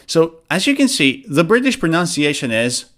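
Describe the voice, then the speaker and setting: A man teaching English pronunciation, demonstrating stress and intonation patterns with slow, exaggerated examples. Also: a little high, very animated, fairly bright tone. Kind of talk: lesson narration with spoken examples.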